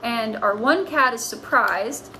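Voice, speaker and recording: A woman's voice: on the high side, takes it slowly, pushed and bright, a little hiss or hum, rough recording. A woman teaching a lesson on writing comics, explaining patiently as if to children.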